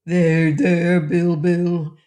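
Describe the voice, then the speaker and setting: A woman's voice: fairly low pitch, sing-song, measured pace. A woman doing a giggling, jolly fat little king. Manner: giggly, merry, laughing. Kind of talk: audiobook reading.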